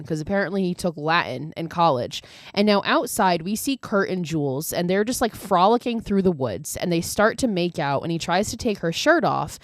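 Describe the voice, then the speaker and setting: A woman's voice: lowish voice, no room sound, studio quality. A woman hosting a podcast, recapping a horror movie in casual, chatty talk, swearing freely and laughing often. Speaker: podcast host.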